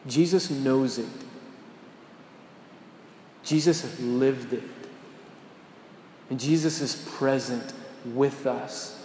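A man's voice: medium pitch, a little mellow, slight background noise. A man preaching a sermon as a priest in a church, earnest and conversational, often asking his listeners questions. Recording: echoey church with long reverb.

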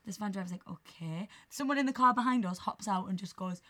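A young woman telling a story on a podcast, animated and swearing, often breaking into laughter. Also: medium pitch, fast talker. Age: young adult. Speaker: podcast co-host. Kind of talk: casual chat, storytelling.

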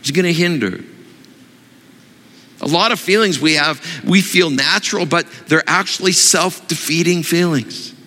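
A man preaching a sermon, asking his congregation questions in an animated way. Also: fairly high pitch, normal speed, big-room sound. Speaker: pastor.

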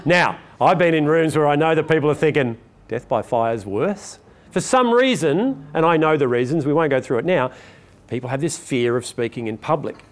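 Older male speaking coach, somewhat high voice, chatty storyteller addressing a crowd. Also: expressive, moderate pace. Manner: chatty, storytelling, asks the audience questions. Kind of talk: motivational talk to a live audience.

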